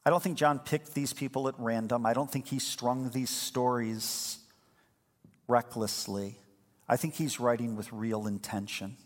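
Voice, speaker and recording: A man preaching a sermon as a pastor, telling the story with lively energy and acting out the voices of the people in it. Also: medium pitch, measured pace. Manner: lively storytelling, acts out quoted speakers. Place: church sanctuary. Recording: long hall reverb.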